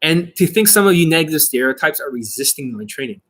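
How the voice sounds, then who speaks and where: A man's voice: on the high side, lively intonation, fast talker, a bit bright. A man working as a dating coach, talking to the camera in a boastful way and swearing a lot. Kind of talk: profane talk to camera.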